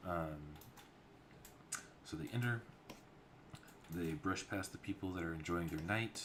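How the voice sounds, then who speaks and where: A man's voice: deep voice, unhurried, noisy background. A man streaming his storyboard work, rambling casually as he talks through scene ideas. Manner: loose and rambling, lots of fillers. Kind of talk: casual livestream narration. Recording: clear keyboard typing behind.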